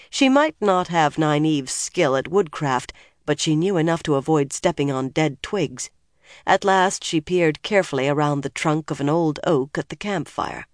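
An audiobook narrator giving a measured, expressive scripted reading. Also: mid-range voice, no echo, studio quality.

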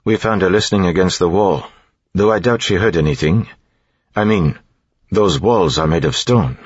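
A man voicing an apologetic, hurried male guard captain. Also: sits low, husky, no room sound, dull audio, pitched above the performer's own voice.

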